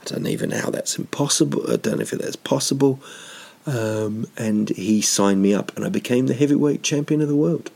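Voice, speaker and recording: A man's voice: medium pitch, a little fast, creaky, darkish tone. A man doing stand-up, telling meandering, self-mocking stories full of asides and restarts. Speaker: stand-up comedian. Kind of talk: rambling comic storytelling.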